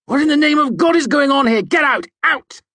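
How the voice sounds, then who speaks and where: A man voicing an arrogant young nobleman who shouts and sneers pompously. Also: very high voice, expressive, fairly quick, dry recording, pitched above the performer's own voice, exaggerated voice. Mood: furious, sneering.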